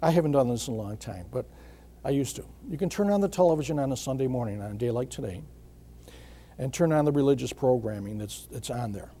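A middle-aged man preaching a sermon in a measured way, repeating phrases and often clearing his throat. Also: medium pitch, lively intonation, warm tone. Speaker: pastor.

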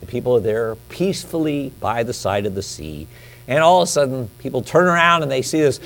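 A male pastor teaching a sermon in an easygoing, chatty manner. He drops in offhand asides and then leans into scripture passages, stretching them out with emphasis. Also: a little high. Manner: conversational Bible teaching with lively asides; builds to emphatic, drawn-out scripture reading.

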